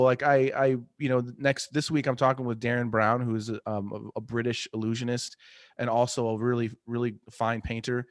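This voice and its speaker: A man's voice: medium pitch, fairly even intonation, brisk, no echo, studio quality. Rambling, laughing man in a casual interview. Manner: rambling, many fillers and restarts, laughs often. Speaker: artist and podcast host, interview guest.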